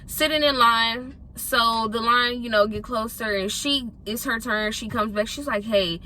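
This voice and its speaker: Young woman, from Houston, casual vlog storytelling, bright tone. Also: on the high side, measured pace, slight background noise. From Houston, Texas. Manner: animated, acts out other people's lines in quoted voices. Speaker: vlogger.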